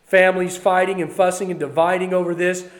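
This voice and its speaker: A male preacher giving a sermon, reading scripture aloud and commenting on it in a conversational way, swinging between loud emphasis and quiet asides. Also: sits high, little pitch movement, fairly quick.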